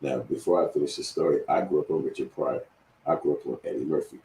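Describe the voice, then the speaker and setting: A middle-aged man with a very low voice tells a story in a loose, profane, rambling way, often starting a sentence over. He sounds roomy and a little distant from the mic, with faint ambience behind him. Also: fast, dark tone, a little hiss or hum. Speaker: commenter telling a personal story. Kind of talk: casual storytelling.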